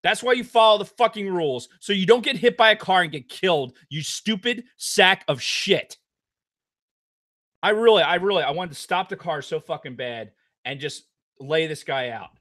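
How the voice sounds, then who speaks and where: A man's voice: high voice, expressive, brisk, fairly bright tone. Furious, swearing man on a rant. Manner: heated, profanity-laden ranting. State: angry. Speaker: podcast co-host. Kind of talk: casual podcast chat.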